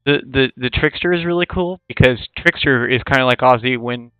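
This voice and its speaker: A man chatting as co-commentator on a card game tournament, talking in a halting, hesitant way. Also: medium pitch, clean tone, no echo, phone-quality sound.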